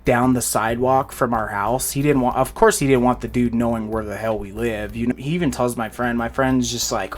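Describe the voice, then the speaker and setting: A man's voice: medium pitch, fairly quick, hardly any pauses. A young man casually retelling a wild fight story, acting out the other people's lines as he goes. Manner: animated retelling with voiced quotes.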